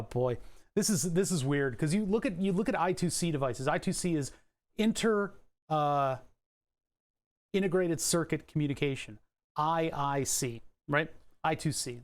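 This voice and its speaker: A man live-streaming from his desk, casually explaining electronics in a rambling, profane way. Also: fairly high pitch. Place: desk at home.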